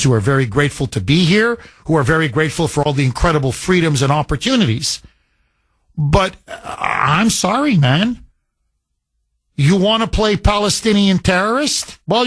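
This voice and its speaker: A man's voice: a little high, no echo. A man hosting a talk radio show, speaking emphatically and building heat as he argues.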